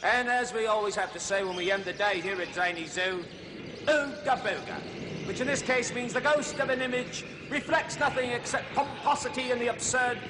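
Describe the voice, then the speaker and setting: A man's voice: extremely high pitch, moderate pace. An actor playing a jolly male jungle explorer who hosts a zoo show, with hearty, exclaiming showman patter. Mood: cheery. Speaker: show host character. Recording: hissy old TV recording.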